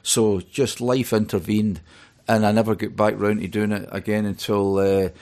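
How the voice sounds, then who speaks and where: A middle-aged man with a Scottish accent talks through his stories in a chatty, rambling way. His voice sits a little low, and he fills the gaps with plenty of fillers. He sounds like a guest in a radio interview. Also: level tone, normal speed, darkish tone. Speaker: author and DJ guest.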